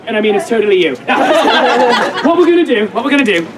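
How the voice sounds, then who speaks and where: High-pitched male comic narrator at an outdoor fair, boisterous mock director, loud crowd behind. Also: sing-song, fairly quick, distant mic, very noisy. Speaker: street theatre host and narrator. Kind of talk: comic audience-participation storytelling. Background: large crowd.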